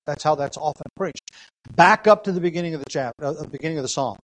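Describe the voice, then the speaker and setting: A man's voice: high-pitched, a little fast, dry recording, rough recording. Earnest preaching man, dry close sound. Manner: earnest teaching with frequent rhetorical questions and emphatic repetition; reads scripture aloud. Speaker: pastor. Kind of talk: sermon.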